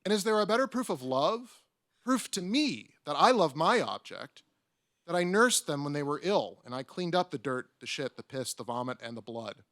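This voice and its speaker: A man's voice: on the high side, big pitch swings, moderate pace, a bit bright, no echo, clean studio sound. A man, an academic panelist, reading a prepared talk aloud with wry, self-mocking asides. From United States. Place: conference room.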